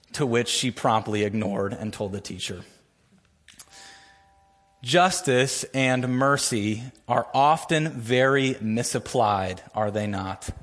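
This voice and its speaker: A man preaching a sermon as a church pastor, opening with a prayer and telling a story with earnest emphasis. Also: a bit bright. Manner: storytelling, earnest, builds emphasis with rising pitch. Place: church sanctuary.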